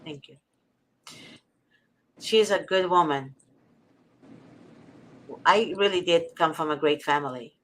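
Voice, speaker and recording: A woman guest, from Egypt, earnestly telling a personal story and slowly reading a prayer. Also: sits low, rough recording. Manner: earnest, heartfelt, slow and deliberate when reading.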